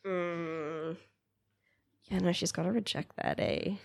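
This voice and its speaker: A woman's voice: fairly low pitch, fairly even intonation, slow pace, creaky, a little hiss or hum. A woman playing in a tabletop game, narrating her character's actions in a casual, meandering way. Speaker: player.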